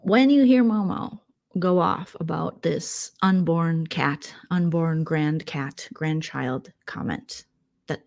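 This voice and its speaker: A woman vlogger gossiping casually, sarcastic and prone to tangents. Her voice sits on the low side for a woman. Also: slow pace, creaky, darkish tone. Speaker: vlogger host.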